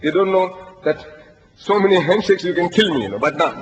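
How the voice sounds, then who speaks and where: An older man preaching to an audience, telling animated stories and reciting Arabic verses. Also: a little high, brisk, slight background noise. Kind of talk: lecture to an audience. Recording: dull lo-fi recording, long hall reverb.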